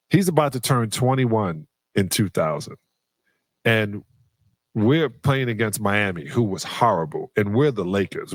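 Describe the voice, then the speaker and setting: A middle-aged man, a former pro ballplayer, holds the floor on a sports panel with animated anecdotes. He slips into the voices of the people he quotes. His voice sits fairly low and sounds dry and close. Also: no echo. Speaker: former pro basketball player, panel guest.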